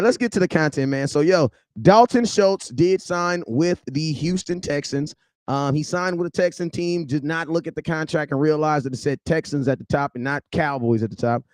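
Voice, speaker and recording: A young adult man hosting a casual livestream, loudly shouting out viewers by name in slangy talk. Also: on the high side, no room sound, studio quality. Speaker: livestream host.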